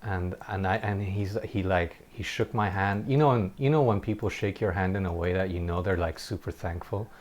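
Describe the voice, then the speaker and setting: A man with a fairly low voice chats over gameplay footage, sharing a personal story. He sounds earnest and reflective, and he often breaks off to restart a sentence. Now and then he lets out a short laugh. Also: normal speed, few pauses, a little mellow. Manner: occasional short laughs while telling a story. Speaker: gameplay commentator.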